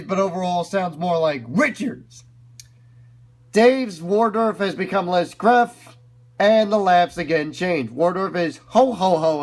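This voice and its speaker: A man giving casual, enthusiastic commentary over video clips, explaining as he goes. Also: sits high. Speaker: video reviewer.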